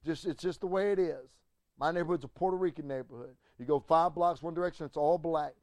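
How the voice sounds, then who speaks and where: A middle-aged man, a pastor, telling a story in a sermon with animated swings from loud to hushed and stammering restarts. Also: fairly high pitch, fast, no room sound.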